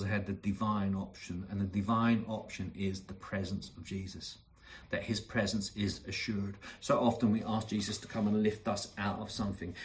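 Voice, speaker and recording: A man delivering a sermon in a slightly low voice. He speaks earnestly, leans on repeated phrases for emphasis, and often falls quiet and soft between his stronger lines. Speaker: preacher.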